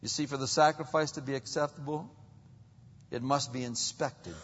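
A man with a husky voice preaching a sermon as pastor, swinging from loud, rising exclamations to hushed low asides and throwing rhetorical questions at the congregation. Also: steady tone, normal speed. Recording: dull, long-reverb hall sound.

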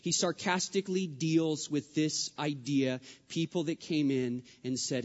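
High-voiced preaching man in a reverberant hall. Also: normal speed, few pauses. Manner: emphatic, repeats refrains, swings between loud and hushed. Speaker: pastor. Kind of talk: sermon. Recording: dull sound with long hall reverb.

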